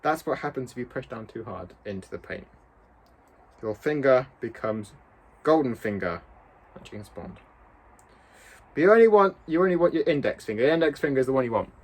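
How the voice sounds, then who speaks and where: Chatty, husky man. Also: mid-range voice, darkish tone. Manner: rambling, self-mocking, chatty with asides. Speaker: cosplay prop maker. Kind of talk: casual painting tutorial.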